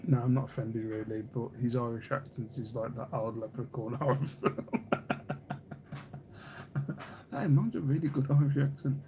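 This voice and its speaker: A man's voice: mid-range voice, steady tone, normal speed, creaky, pauses often, warm tone. A man hosts a casual live stream in a middle-range voice. He rambles from one thought to the next, teases his viewers and reads their comments aloud. There is faint background noise. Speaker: livestream host.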